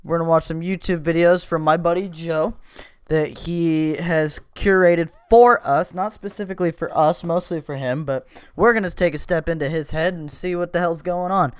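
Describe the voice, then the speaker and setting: A man's voice: fairly high pitch, steady tone, moderate pace, smooth, dry recording, studio quality. A man hosting a casual podcast, rambling and swearing as he describes videos he watches. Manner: profane, laid-back, rambling. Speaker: podcast host.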